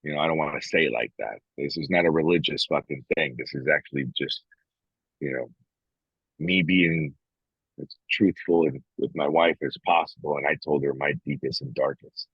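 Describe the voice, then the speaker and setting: Low husky man talking bluntly. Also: fairly even intonation, moderate pace, no room sound, lo-fi sound. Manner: frank, blunt, swears freely; reflective, with many restarts. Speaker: podcast co-host. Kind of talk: casual podcast conversation.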